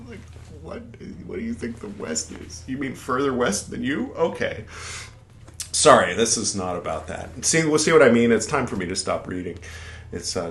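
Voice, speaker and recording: This man's voice is fairly low and a bit bright. On his podcast he reads an old text and breaks into loose, irreverent asides, swearing, drifting off topic and mimicking quoted speakers with mock drama. The echoey room carries faint background noise.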